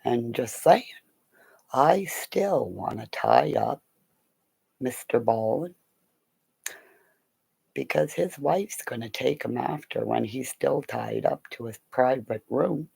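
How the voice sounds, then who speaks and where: A woman's voice: very deep voice, expressive, slow pace, vocal fry, long pauses, dark tone, breathy edge. A middle-aged woman rambling in a casual monologue, swearing freely and often dropping into whispers. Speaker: vlogger.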